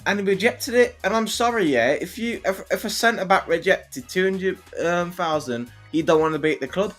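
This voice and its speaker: Halting, opinionated man co-hosting. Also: high voice, fairly bright tone, soft background music. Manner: opinionated, halting, many ums and restarts. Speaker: co-host of a football livestream. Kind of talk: casual livestream chat.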